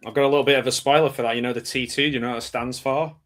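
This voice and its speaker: Guy hosting a chat, jokey, bright voice. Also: medium pitch, steady tone, racing. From Cumbria, England. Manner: jokey, rambling, laughs at own jokes. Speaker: host. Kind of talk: casual chat.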